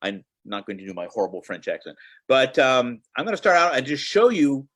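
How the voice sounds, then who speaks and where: A man giving a relaxed, chatty talk on a video call, telling stories with many fillers and restarts. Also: mid-range voice, brisk. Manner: conversational storytelling with fillers and restarts. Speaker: guest presenter on film preservation. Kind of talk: casual virtual presentation. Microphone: computer mic on video call.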